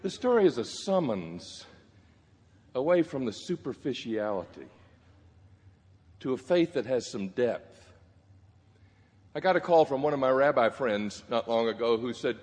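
A man delivers a storytelling sermon in a mid-range voice, quoting friends and strangers with light humor. His words ring out with the long reverb of a church sanctuary, and his pacing is unhurried and conversational. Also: medium pitch, animated, darkish tone, breathy edge. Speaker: pastor. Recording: reverberant hall.

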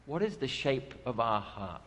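A man's voice: medium pitch, very animated, unhurried, a bit bright. A male pastor preaching a sermon, telling stories with a dry sense of humor. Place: church sanctuary. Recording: long church reverb.

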